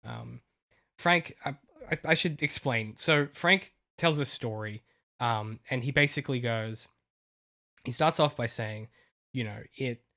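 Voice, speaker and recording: A man's voice: medium pitch, a little slow, gravelly, pushed and bright. Guy on a podcast, gets really worked up, keeps restarting sentences, medium voice. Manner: emotional, rambling with many restarts. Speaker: podcast co-host and novelist. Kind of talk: casual chat.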